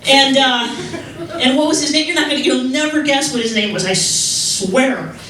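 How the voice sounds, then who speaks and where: Young female stand-up from Chicago, halting rambling delivery, echoey room recording with faint noise. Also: high voice, a bit bright. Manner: rambling, halting, with repeated restarts. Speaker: stand-up comedian. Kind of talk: stand-up comedy set. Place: club stage with audience. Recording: echoey room, mic heard from far off.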